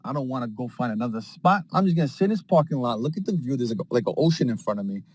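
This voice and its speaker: A man at a middle pitch spins a rambling, excitable story, stacking fillers and slang as he goes. He talks into a phone from his parked car. The sound is dry and close. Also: rapid-fire, slightly rough, no echo, poor audio. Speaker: space participant. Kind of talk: casual chat.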